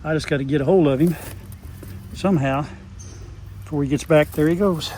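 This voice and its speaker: A man's voice: a little high, brisk, dark tone, slight background noise, poor audio. An older man chatting casually outdoors on his farm, talking to his dogs and to the camera as he goes. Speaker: farm vlogger.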